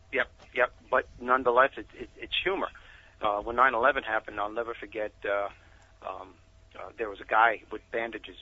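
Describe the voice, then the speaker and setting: A man, a guest author, telling animated stories in a casual interview over a muffled phone line. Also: fairly low pitch, slightly rough. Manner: animated storyteller.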